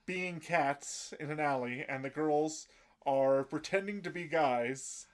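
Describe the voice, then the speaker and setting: Man, somewhat high voice, casual podcast talk, explanatory, stumbling restarts. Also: takes it slowly. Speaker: podcast co-host. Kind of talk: casual chat recapping an anime.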